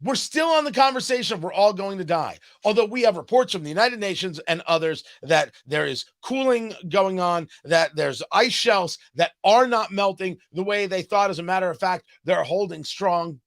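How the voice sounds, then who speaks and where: A man's voice: high voice, moderate pace, hardly any pauses. A man hosting a political talk show, delivering a sarcastic, mocking commentary monologue. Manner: sarcastic, animated, mocking asides.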